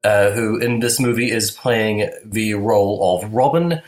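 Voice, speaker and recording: Deadpan male podcast storyteller. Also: on the low side, a little slow, low-quality recording. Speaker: film podcast co-host. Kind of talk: casual film discussion, retelling a scene.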